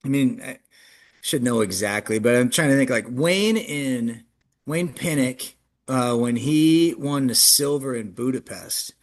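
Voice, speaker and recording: A man who coaches track and field, answering interview questions in a loose, conversational way, often restarting his sentences. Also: a little slow. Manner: animated, frequent restarts, jumps in pitch when emphatic.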